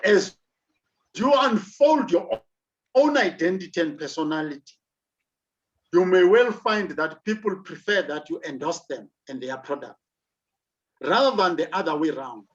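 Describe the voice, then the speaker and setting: A man's voice: on the high side, expressive, normal speed, long pauses. Emphatic South African man lecturing. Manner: emphatic, rhetorical questions. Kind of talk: online leadership lecture. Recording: dull lo-fi recording.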